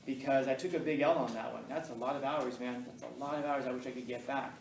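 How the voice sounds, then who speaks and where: A man's voice: mid-range voice, fairly even intonation, quick pace, vocal fry. A man telling students loose, self-deprecating stories with easy laughs. His voice sits in the middle range and is caught from a distance in a roomy, echoing classroom with a faint hiss of noise behind. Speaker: teacher. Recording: echoey room, mic far off.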